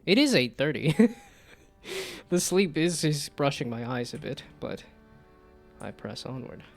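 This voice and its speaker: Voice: medium pitch, lively intonation, unhurried, vocal fry, soft background music. A VTuber streamer giving playful live commentary over a story game, slipping into mock-archaic phrases and laughing often.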